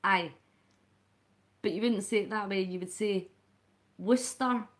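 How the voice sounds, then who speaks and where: Hosting a late-night live stream, a Scottish woman talks to her viewers at length in a mid-range, steady voice at a moderate pace. She's rambling and chatty, greeting people in the chat by name.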